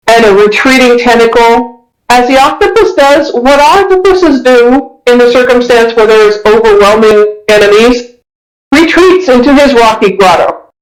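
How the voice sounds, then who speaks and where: A dungeon master narrates a tabletop role-playing session at a middling pitch. The telling is descriptive and loose, full of small restarts as the scene unfolds. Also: low-quality recording.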